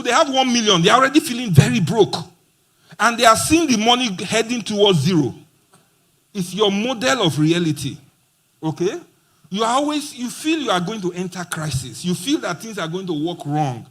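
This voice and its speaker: At a conference hall, a man with a high-pitched, fairly bright voice gives a playful motivational talk as a conference speaker. He acts out the dialogue he quotes.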